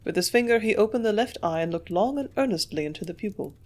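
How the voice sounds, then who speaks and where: A woman reading a classic novel aloud as an audiobook narrator. Her delivery is measured and clear, at an ordinary middle pitch. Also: lively intonation, a little mellow.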